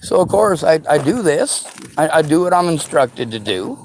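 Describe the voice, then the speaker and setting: A man ranting to his viewers, sarcastic and profane, slipping into mocking high voices, with a faint background hiss. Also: big pitch swings, normal speed. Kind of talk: angry rant to viewers. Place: vehicle.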